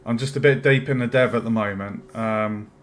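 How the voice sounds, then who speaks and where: A man streaming his game development work, thinking aloud with many pauses and fillers, and chatting with viewers. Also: lowish voice, fairly even intonation. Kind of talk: casual live-stream commentary while working. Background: faint music and keyboard typing.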